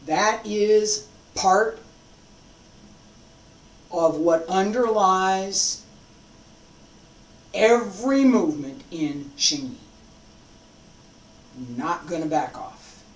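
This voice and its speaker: Martial arts teacher talking slow and determined, lots of swing in the voice, mic far off in an echoey room. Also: mid-range voice, expressive. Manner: emphatic and determined, repeats phrases for force. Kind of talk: unscripted teaching talk.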